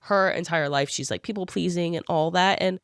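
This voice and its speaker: A woman in easygoing podcast chat, her voice sitting on the lower side and lively as she jumps into little character voices. The sound is dry and close, with no room around it. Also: clear, resonant tone, no echo. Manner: animated, acts out characters' lines in quick voices. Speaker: podcast co-host. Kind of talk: casual book club chat.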